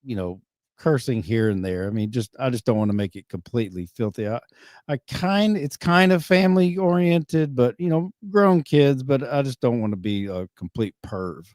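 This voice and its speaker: A man's voice: mid-range voice, lively intonation, normal speed, darkish tone, no echo, clean studio sound. A man hosting a podcast, talking casually and rambling with many restarts. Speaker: podcast host. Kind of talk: casual chat.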